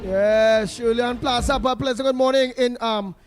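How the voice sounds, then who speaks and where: High-voiced Trinidadian male talk host. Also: fairly even intonation, normal speed, music in the background. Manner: chatty, creole phrasing, laughs often, rattles off names. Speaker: radio talk show host. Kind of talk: casual on-air chat greeting listeners.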